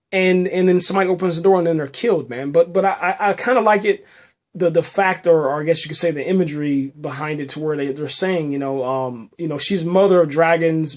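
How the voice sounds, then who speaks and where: A man's voice: fairly high pitch, darkish tone. A man hosting a podcast, recapping a TV episode in a rambling, emotional way, restarting often and ending phrases with "man". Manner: somber, emotional. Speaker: podcast host reviewing a TV episode. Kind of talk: casual spoken episode review.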